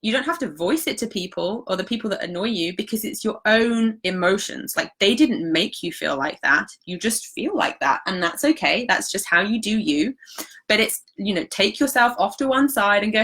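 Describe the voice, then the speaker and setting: A woman talks casually into her live-stream mic, her voice bright and clear. She sounds reassuring and chatty, filling her sentences with "like" as she answers viewers. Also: medium pitch, lively intonation, normal speed. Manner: chatty, reassuring, many fillers like "like". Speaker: holistic practitioner hosting a live stream.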